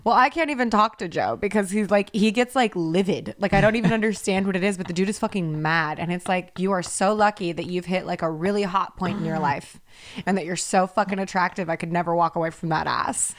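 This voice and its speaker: A young adult woman co-hosting a podcast, telling stories in a casual, profane, animated way. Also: fairly low pitch, fairly quick. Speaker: podcast co-host. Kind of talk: casual chat.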